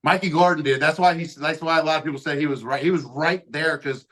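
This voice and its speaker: A man's voice: on the high side, quick pace, fairly bright tone. A man hosting a podcast, telling a story casually, swearing a lot and acting out what people said. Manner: profane, acts out quoted lines. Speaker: podcast host. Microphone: podcast mic.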